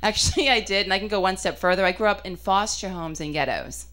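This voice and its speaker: A young woman performing a stand-up comedy set, chatty and self-mocking, with punchy delivery and quick asides. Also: medium pitch, a bit bright.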